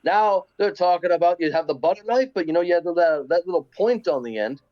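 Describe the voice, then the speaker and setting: A cheeky mock British bloke, laid on thick and jokey, as a man puts him on. The voice sits high. The sound is slightly dull and lo-fi. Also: quick pace, close to an everyday voice. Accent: put-on British. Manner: exaggerated, mocking.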